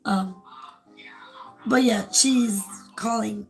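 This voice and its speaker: A woman hosting a casual livestream, hoarse from losing her voice, rambling with many fillers. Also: mid-range voice, steady tone, measured pace, soft background music, low-quality recording. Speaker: host.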